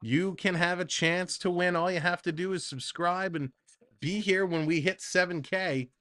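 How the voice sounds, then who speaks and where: A man's voice: high-pitched, normal speed. Chatty man calling hockey on a livestream. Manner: chatty, excitable, reads viewer comments between calls. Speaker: livestream play-by-play host. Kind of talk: live play-by-play and chat reading.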